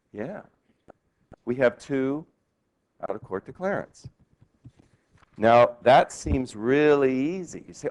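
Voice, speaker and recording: Male law professor, classroom lecture, lively, quizzing students, middle pitch. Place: law school lecture hall.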